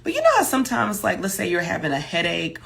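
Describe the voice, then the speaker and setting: A woman's voice: fairly low pitch, very animated, fast talker, gravelly, fairly bright tone. A woman coach hosting a casual live stream, chatty and greeting viewers by name between points, with many fillers and asides. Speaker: business coach for chefs, livestream host.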